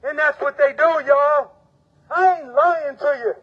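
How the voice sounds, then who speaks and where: Union steward, male, very high voice, preachy fiery rant with shouting, lo-fi phone-like sound. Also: steady tone, unhurried. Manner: fiery and preaching, repeats phrases, often shouts. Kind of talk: impassioned protest speech. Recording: tinny phone-like audio.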